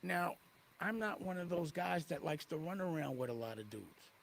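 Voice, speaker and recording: Gravelly, high-voiced indignant man. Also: lively intonation, normal speed, slight background noise. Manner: indignant, repeats and restarts mid-sentence. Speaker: interviewee in a played clip. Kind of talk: heated interview talk.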